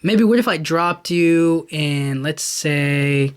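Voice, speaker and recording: Brief: a male podcast host, chatty and animated, rambling and addressing the listener. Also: on the high side, slow pace, clear, resonant tone. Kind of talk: casual commentary.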